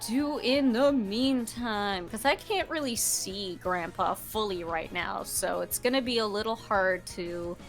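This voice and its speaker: A woman playing a tabletop game, thinking aloud in a soft, hesitant way. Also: medium pitch, a little slow, few pauses, soft background music. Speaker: player.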